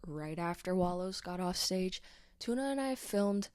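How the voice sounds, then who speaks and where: A woman's voice: lowish voice, expressive, a little slow, very noisy. A young woman vlogging a casual, rambling recap with lots of fillers and giggles. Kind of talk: casual concert recap vlog.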